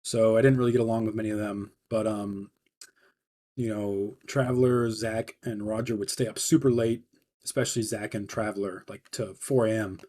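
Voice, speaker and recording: A man's voice: lowish voice, steady tone, normal speed, dark tone. A young man hosting a podcast, telling stories in a rambling, laid-back way with many filler words. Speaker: podcast host. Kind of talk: casual storytelling on a livestream podcast.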